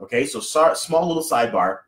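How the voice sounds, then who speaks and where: A man reading numerology on a casual live stream, chatty and excitable, greeting viewers by name. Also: mid-range voice, fairly quick. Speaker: numerology reader. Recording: echoey room.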